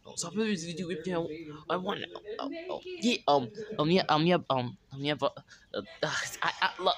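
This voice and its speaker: A man's voice: a little high, sharp tone. A man making up a plush skit as he goes, rambling and stammering with many fillers. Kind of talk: improvised plush skit narration. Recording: music playing under voice. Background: background music.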